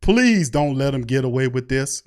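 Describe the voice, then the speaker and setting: The sports podcast host here has an animated, darkish, mid-range voice at normal speed. He delivers a hot-headed, profane, preachy fan rant, loaded with mocking asides and imitations.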